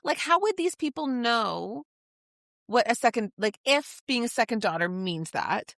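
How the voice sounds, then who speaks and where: Female co-host, slightly high voice, muses and asks questions, dry close recording. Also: animated, measured pace, fairly bright tone, no echo. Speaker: podcast co-host. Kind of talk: casual book club chat.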